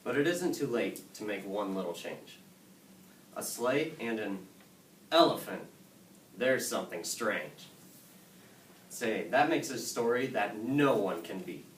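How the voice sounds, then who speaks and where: A man reading a rhyming picture book aloud in a rhythmic, sing-song way, building excitement as the verses pile up. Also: fairly low pitch, a little slow, pauses often, a little hiss or hum. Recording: echoey room from far off, faint ambience.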